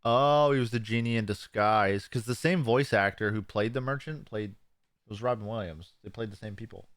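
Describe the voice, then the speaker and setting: A young man co-hosting a casual podcast, swearing often and telling stories with animated quoted voices. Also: lowish voice, moderate pace, no room sound, clean studio sound. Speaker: podcast co-host.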